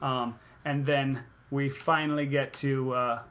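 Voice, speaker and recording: A man co-hosting a casual movie review chat, sarcastic and quick to act out lines from the film in put-on voices. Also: medium pitch, fairly even intonation, a bit bright. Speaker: podcast co-host.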